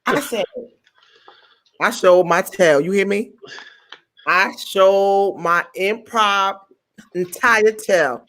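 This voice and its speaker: Speaking slowly at a medium pitch and pausing often, this New Jersey woman is a comedian guest recounting a story in relaxed chat. She animatedly performs the quoted voices of the story's people, occasionally stuttering.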